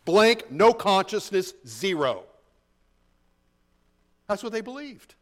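High-voiced man preaching a conversational sermon. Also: big pitch swings, slow pace. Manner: conversational and emphatic, with rhetorical questions. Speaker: pastor. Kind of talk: expository sermon.

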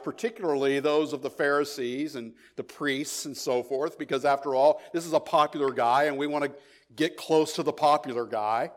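A pastor preaching a sermon, emphatic, repeating key phrases and dropping into quiet asides. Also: male voice, mid-range voice.

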